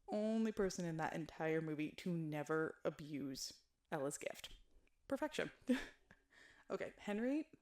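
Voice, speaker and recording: A woman YouTuber talking in casual chat, animated, blunt and jokey. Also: on the low side. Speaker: YouTuber reviewing films.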